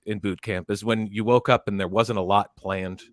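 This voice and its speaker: A man on a podcast, telling a story in a casual, animated way, close to a studio mic. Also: lowish voice, moderate pace, dry recording. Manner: animated, barks quoted drill lines. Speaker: podcast panelist.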